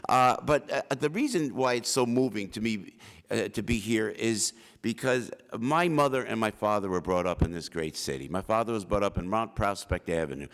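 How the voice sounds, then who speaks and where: A man's voice: mid-range voice, fairly bright tone. A middle-aged man giving an emotional, joking acceptance speech at an awards ceremony, calling out to the crowd. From New Jersey. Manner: emotional, punchy, calls out to the crowd. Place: large hall at an awards ceremony. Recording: long hall reverb.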